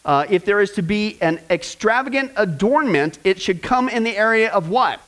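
A male pastor teaches his congregation with a lively, playful delivery. His voice sits high for a man, and he breaks up the lesson with joking asides. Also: normal speed, low-quality recording. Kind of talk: church teaching sermon.

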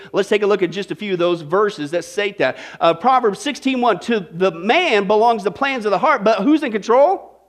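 A man preaching a sermon as a Bible study teacher, folksy and animated, constantly firing rhetorical questions at his congregation. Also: high-pitched.

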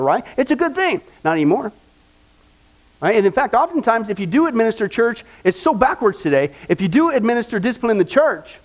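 Middle-aged pastor guy preaching, kinda high voice, keeps asking the crowd questions. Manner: conversational preaching with rhetorical questions. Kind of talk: sermon.

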